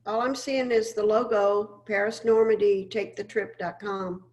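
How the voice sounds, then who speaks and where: A woman's voice: mid-range voice, steady tone, unhurried, a little mellow. An older woman joins an online chat over a video call as a guest presenter. She speaks with an upbeat, enthusiastic manner and a mid-range voice. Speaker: cruise line guest presenter. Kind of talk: casual virtual chat.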